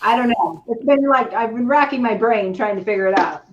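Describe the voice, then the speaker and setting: A woman's voice: on the high side, brisk, a crowd in the background. A woman co-hosting a live stream, musing in a wry, casual way over a video call. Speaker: co-host. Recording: distant echoey dull call audio.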